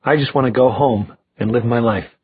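A man's voice: medium pitch, brisk, breathy edge, no echo, phone-quality sound. A man voicing a defiant young woman from an audiobook, speaking in a firm, pleading way.

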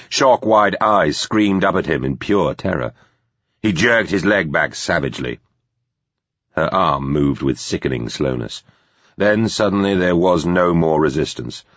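A man narrating a thriller audiobook in a measured, grave way. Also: extremely low pitch, a bit bright, dry recording. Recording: dull, slightly lo-fi recording.

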